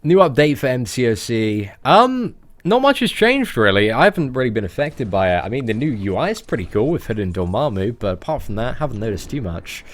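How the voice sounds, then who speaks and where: A man's voice: medium pitch, very animated, fairly quick, few pauses. A man in his twenties with a fairly posh English accent, chatting casually as he answers viewer questions on a live stream. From England. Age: 20s.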